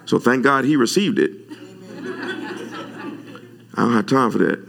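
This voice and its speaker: A man preaching a sermon, animated and conversational, jumping high in pitch when he retells his own words. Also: normal speed, creaky, pauses often. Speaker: pastor.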